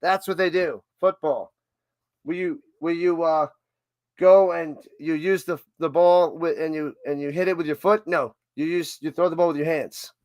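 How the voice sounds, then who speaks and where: A man with a fairly high voice rambles through casual football chat on a live stream, often stopping and restarting his sentences. The sound is dry and close, with no room around it. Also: steady tone, normal speed, darkish tone, no echo. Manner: rambling, self-interrupting, chatty. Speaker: livestream host.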